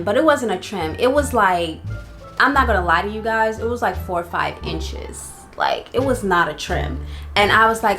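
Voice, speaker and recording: A young woman casually telling a personal story for her vlog, chatty and animated, with many fillers. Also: medium pitch, moderate pace. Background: faint background music.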